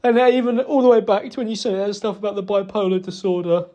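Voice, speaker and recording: A man making a halting, remorseful apology in a private recording, with many pauses and restarts. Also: high-pitched, fairly even intonation, warm tone. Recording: dull lo-fi recording.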